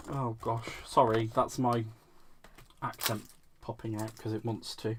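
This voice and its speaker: A man's voice: mid-range voice, little pitch movement, a little slow, long pauses. A man with a mid-range voice talks his way through a craft project in a loose, playful stream-of-consciousness. He natters to himself and the viewers, repeating silly words. A faint background noise sits under him. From United Kingdom. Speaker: craft channel host. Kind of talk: casual live crafting chat.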